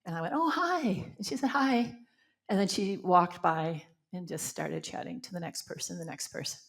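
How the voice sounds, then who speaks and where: A woman's voice: lowish voice, fairly even intonation, brisk, creaky. An older woman minister from Canada telling personal stories in a spiritual talk, acting out the voices she quotes, then leading a guided meditation.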